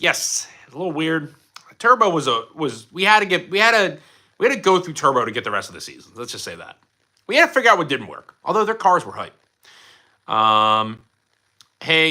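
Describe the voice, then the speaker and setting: A Philadelphia man hosts a livestream, answering viewers' questions in casual, enthusiastic chat. He's chatty and jumps between topics, his medium-pitched voice carrying a sharp tone.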